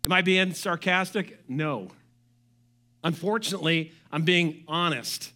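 A high, bright male voice preaching to his congregation. He is a middle-aged pastor who keeps things animated, slipping in joking asides and putting on voices for the people he quotes. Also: a little slow. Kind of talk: sermon.

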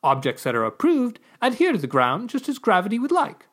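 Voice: mid-range voice, huge pitch swings, brisk, a bit bright, pitched above the performer's own voice. A reader voicing a nervous man who stammers while explaining a strange invention in a story read aloud. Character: nervous male sidekick explaining a strange device.

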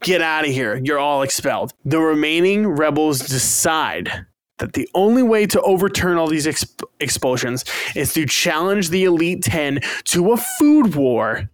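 A man's voice: a little high, measured pace, dry recording. A young man casually recapping an anime plot with his co-hosts, swearing freely and acting out the characters' lines. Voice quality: profane, animated retelling with quoted voices. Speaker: podcast co-host.

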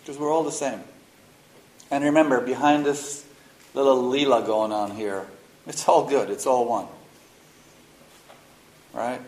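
A man's voice: medium pitch, measured pace, pauses often. Frank man teaching in an echoey room. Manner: frank, animated, mixes slang and swearing. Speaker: spiritual teacher leading a workshop. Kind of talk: casual workshop talk. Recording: roomy echo, faint noise.

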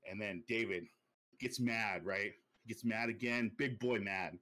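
Rambling low-voiced young guy. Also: moderate pace. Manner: rambling storytelling with many fillers, drops low and quiet for quoted lines. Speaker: podcast host pitching a movie sequel. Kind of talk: casual chat.

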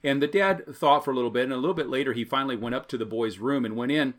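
A man's voice: mid-range voice, very fast. A man, a pastor, preaching an evening sermon in a conversational, storytelling way, repeating his key phrases.

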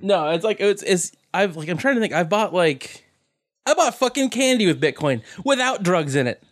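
A man's voice: sits high, lively intonation, normal speed, no echo, studio quality. A man co-hosting a casual podcast, telling stories with a lot of swearing and frequent laughter. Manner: profane storyteller, laughing often. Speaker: podcast co-host. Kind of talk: casual chat.

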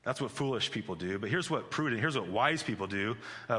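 This man preaches in a fairly low, bright, forceful voice, moving briskly and with animation. As pastor he keeps the sermon casual and jokey, often restarting and dropping "like," while a long hall reverb trails his words.

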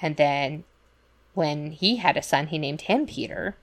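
Low-voiced woman on a podcast, rambly storytelling, lots of likes and you knows. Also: animated, measured pace. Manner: chatty storytelling full of fillers and asides; acts out quoted voices in retellings. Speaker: podcast co-host. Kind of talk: casual chat.

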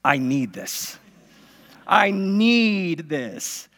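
A man's voice: fairly high pitch, sing-song, drawn-out words, a bit bright, pitched below the performer's own voice, heavily acted. A man voicing his nine-year-old son, pleading and repeating himself to his dad. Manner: whiny, repeating pleas. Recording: long hall reverb.

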